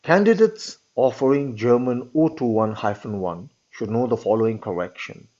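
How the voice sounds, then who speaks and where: Formal Scottish invigilator read by a man, husky voice, dull lo-fi recording, slow careful delivery. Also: mid-range voice, a little mellow, lightly acted. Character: male Scottish exam invigilator reading corrections.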